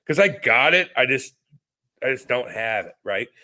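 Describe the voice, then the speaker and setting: Profane, animated man telling stories. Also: mid-range voice, moderate pace. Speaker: podcast co-host. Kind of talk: casual chat.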